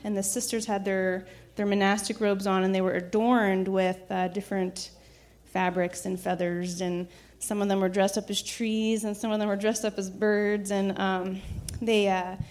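A woman with a middle-pitched voice recounts a personal memory in an easy, reflective way. She pauses on fillers and restarts often, and breaks into small laughs as she talks. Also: flat delivery, a little mellow. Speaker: storyteller. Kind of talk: casual personal storytelling.

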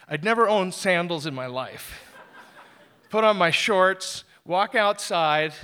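Bright-voiced man telling a personal story. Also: high-pitched. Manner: animated, self-deprecating, halting restarts.

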